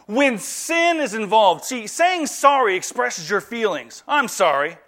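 A male pastor delivering a sermon in a high, bright voice. He swings between soft, hushed moments and louder, emphatic pushes, mixing jokes with earnest appeals. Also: unhurried. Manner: animated preaching, mixing humor with earnest appeals.

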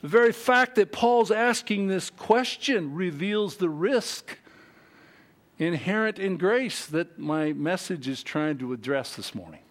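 A man preaching a sermon as pastor, emphatic and animated, acting out other people's voices and reading scripture aloud. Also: sits high, a little slow.

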